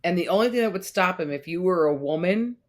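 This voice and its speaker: A woman's voice: on the low side, fast. A woman co-hosting a casual podcast conversation, telling stories and acting out quoted lines. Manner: animated storytelling, acts out quotes in raised voice. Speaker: podcast co-host.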